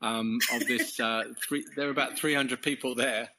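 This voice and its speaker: An English man tells his story as an interview guest. His tone is bright and ringing, and he wanders through the telling, correcting himself and chuckling as he goes. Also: medium pitch, fairly even intonation, normal speed, poor audio. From England. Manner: rambling, self-correcting storyteller who chuckles often. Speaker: course leader.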